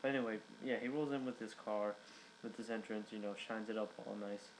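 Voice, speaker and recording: A man's voice: on the low side, steady tone, fairly quick, a little hiss or hum, rough recording. A young man giving a casual recap, rambling with many fillers and restarts. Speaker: wrestling reviewer.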